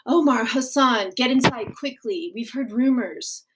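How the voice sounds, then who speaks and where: A woman reading the part of a very old neighbor who hushes and shelters two children. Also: a little high, measured pace, noisy background, natural voice. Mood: hushed urgent.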